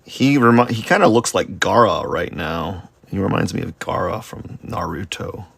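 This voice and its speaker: An artist streaming a live drawing session chats loosely while sketching, drifting off topic, making fun of himself, and filling his talk with fillers and frequent restarts. His low, gravelly voice is expressive and a bit bright, moving at a moderate pace. The sound is close and dry, with no room around it.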